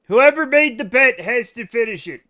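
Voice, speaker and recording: Male streamer, high bright voice, loose rambling chat-to-camera style. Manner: rambling, talks straight to chat. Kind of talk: live game-stream chat.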